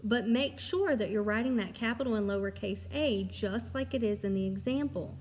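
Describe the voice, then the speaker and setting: A kindergarten teacher, a woman, giving a recorded lesson to young children in a gentle, encouraging way. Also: medium pitch, normal speed, long reverb tail, a little hiss or hum.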